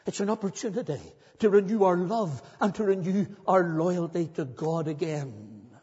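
Husky high-voiced pastor preaching in reverb. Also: male voice, normal speed, warm tone. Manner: earnest, building to emphatic repetition. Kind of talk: sermon. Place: church. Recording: long church reverb, dull lo-fi sound.

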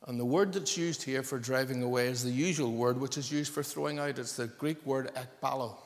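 A man's voice: medium pitch, fairly quick. A man preaching a sermon, emphatic and stressing points through repetition. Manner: emphatic, repeating phrases for stress. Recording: long reverb of a large hall.

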